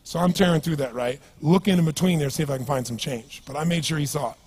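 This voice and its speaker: A man with a husky voice that sits a little high for a man delivers a motivational seminar talk. He speaks emphatically and energetically, drives each point home and turns to the audience with rhetorical questions. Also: fast talker, darkish tone, no echo.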